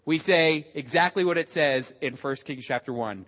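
A man preaches with lively emphasis, his voice sitting high for a male speaker. He acts out little quotes as he builds his points. A long reverb trails behind every phrase, as in a large church. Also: normal speed. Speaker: pastor. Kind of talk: sermon.

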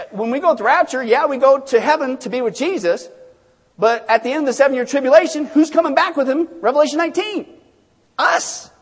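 Lively male pastor with a husky, high-pitched voice, recorded in an echoey hall. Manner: animated, joking, repeats for emphasis. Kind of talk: sermon.

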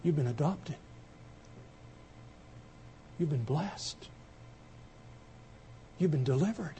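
A man preaching a sermon, telling an illustration story and building it into loud, emphatic appeals. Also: fairly high pitch, lively intonation, slow pace, pauses often, a little hiss or hum.

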